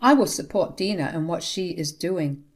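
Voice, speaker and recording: A woman's voice: on the low side, lively intonation, moderate pace, close to an everyday voice. A woman voicing an exasperated grown son scolding his mother. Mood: angry. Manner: angry, scolding.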